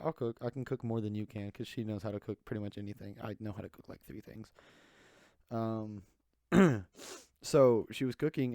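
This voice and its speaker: A young man with a fairly low voice chats on his own podcast. He rambles loosely, leaning on "like" at every turn. The sound is dry and close, with no room around it. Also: a little mellow, no room sound. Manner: rambling, loose, full of "like" fillers. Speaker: podcast host. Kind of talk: casual solo podcast chat.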